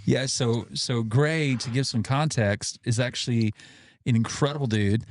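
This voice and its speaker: A man's voice: mid-range voice, measured pace. A man co-hosting a podcast, telling stories with playful, self-mocking jokes. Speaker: podcast co-host. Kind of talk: casual podcast chat.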